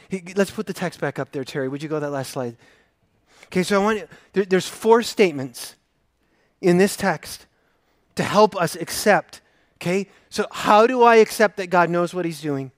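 A male pastor preaching a sermon, earnest, swinging from emphatic to hushed and intimate. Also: sits high, expressive, normal speed, dry recording, clean studio sound.

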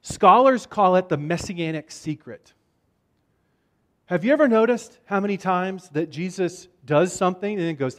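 A man's voice: high-pitched, normal speed, a bit bright. A man preaching a conversational sermon, casual in tone, often repeating words as he explains. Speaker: pastor.

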